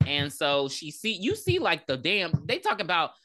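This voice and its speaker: A woman co-hosting a podcast, recapping a horror movie in casual, profane, animated chat. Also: lowish voice, moderate pace. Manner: profane, animated storytelling with laughs. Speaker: podcast co-host. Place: podcast recording.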